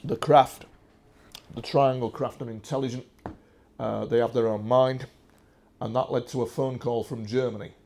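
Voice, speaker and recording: A man's voice: medium pitch, fairly even intonation, moderate pace, creaky, long pauses, a little mellow. A man giving a rambling, emphatic first-person talk with slides, full of restarts and filler sounds. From England. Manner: emphatic and digressive, with frequent uh and restarts. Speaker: speaker presenting a talk with slides.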